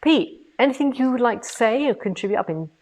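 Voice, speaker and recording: A woman's voice: fairly high pitch, lively intonation, fairly quick, darkish tone. Bubbly chatty woman host. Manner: chatty, bubbly, laughs often. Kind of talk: casual live-stream chat.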